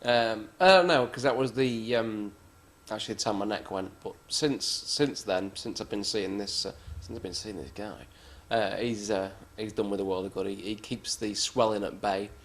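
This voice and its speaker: Low-voiced man telling backstage stories. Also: normal speed, hardly any pauses. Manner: blunt, swears freely, self-mocking. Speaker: professional wrestler interviewee. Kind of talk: casual anecdotal storytelling.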